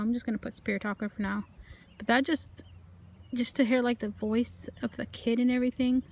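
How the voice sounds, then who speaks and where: A woman's voice: a little high, steady tone, brisk, vocal fry, darkish tone. Chatty woman vlogging outdoors, noisy. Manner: chatty, addresses viewers as you guys and y'all. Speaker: paranormal vlogger. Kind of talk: casual vlog, talking to viewers and spirits. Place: outdoor cemetery.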